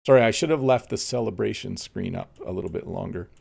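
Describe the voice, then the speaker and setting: Gravelly-voiced man teaching casually. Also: low voice, quick pace. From Canada. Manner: relaxed, thinking aloud with frequent ums. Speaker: English teacher. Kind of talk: live-streamed casual lesson.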